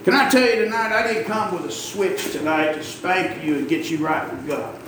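A man's voice: high-pitched, normal speed. A middle-aged man, preaching a folksy, emphatic sermon and drawing call-and-response from the congregation. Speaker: pastor. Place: church sanctuary. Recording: echoey church from far off, noisy.

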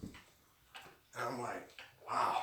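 A man preaching a sermon, telling a personal story with animated delivery and acting out the other people's lines. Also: slow pace, reverberant, a little hiss or hum. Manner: animated storytelling, acts out quoted voices. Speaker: pastor. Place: church.

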